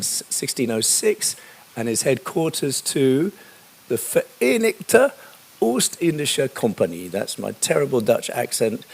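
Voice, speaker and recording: A man giving a history lecture in a conversational way, with frequent fillers and asides. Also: lowish voice.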